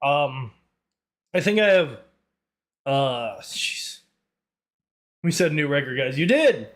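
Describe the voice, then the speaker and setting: A young Northern Irish man chatting casually on a live stream, his voice pitched high for a man and bouncing all over the place. He rambles from one tangent to the next and laughs a lot. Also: expressive, slow pace, a bit bright. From Northern Ireland.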